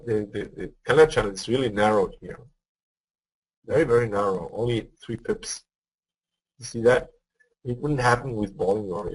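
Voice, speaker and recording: This live trading webinar is hosted by a man whose voice sits on the low side and sounds slightly rough, and the recording is rough too. He walks through things step by step, repeats words, and often asks for feedback to check that his audience keeps up.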